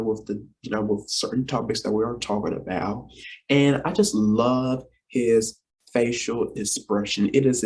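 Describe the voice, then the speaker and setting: Casting: young man in his twenties, unhurried delivery, playful rambling vlogger tone, keeps addressing the viewers. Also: medium pitch, a little mellow. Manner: rambling, repeats himself, often addresses "you guys"; playful, teasing then apologetic. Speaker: vlogger and talk show co-host. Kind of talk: casual talk to camera.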